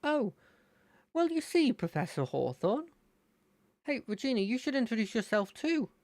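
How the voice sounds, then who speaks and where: A streamer voicing an excitable, eager young male rival in a video game, gushing and breathless. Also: mid-range voice, moderate pace, no echo, pitched above the performer's own voice. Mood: starstruck.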